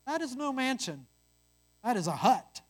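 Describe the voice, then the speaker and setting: A reader as the calm firstborn son. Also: high voice, a little slow, pitched above the performer's own voice, exaggerated voice. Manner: calm and patient. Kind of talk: storytelling.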